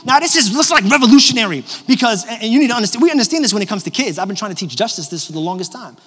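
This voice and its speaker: A man in his thirties, a pastor giving an animated, personal sermon with jokes for the congregation, his voice a little hoarse from a cough. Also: sits high, very fast. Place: large church auditorium. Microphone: handheld microphone. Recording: long hall reverb from a large church.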